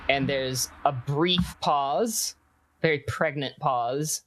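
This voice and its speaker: A woman's voice: rumbling low, slight background noise. A woman narrating as game master, loose and chatty, full of fillers. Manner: loose, filler-heavy narration with quick voiced asides.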